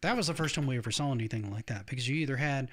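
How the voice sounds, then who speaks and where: A man's voice: mid-range voice, very fast, fairly bright tone. A middle-aged man hosting a casual podcast chat, rambling with frequent restarts and laughing often. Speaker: podcast host.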